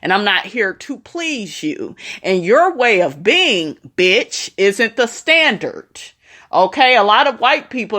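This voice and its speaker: A woman talks straight to her viewers in a casual commentary vlog. She is blunt and outspoken. Her delivery is frank and direct, and her pitch sits in an ordinary middle range. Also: a bit bright. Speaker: commentary vlogger.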